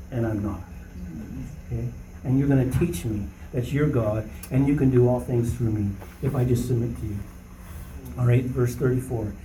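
A man's voice: mid-range voice, mellow, distant mic, slight background noise. A man leading an informal Bible study for a small group, emphatic and rising to preaching fervor, often checking in with "okay?". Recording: roomy echo, voice from off-mic, faint ambience.

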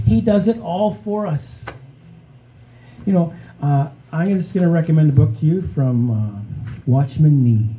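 Dark-voiced man preaching a sermon. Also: a little high, unhurried, highs cut off, a little hiss or hum. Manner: conversational preaching, frequent "okay?" and "friends". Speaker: pastor.

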